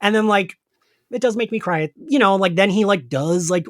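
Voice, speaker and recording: A man's voice: high voice, moderate pace, dry recording, studio quality. A man hosting a podcast in casual chat, recapping an episode in a rambling way, full of fillers and casual swearing. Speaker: podcast host.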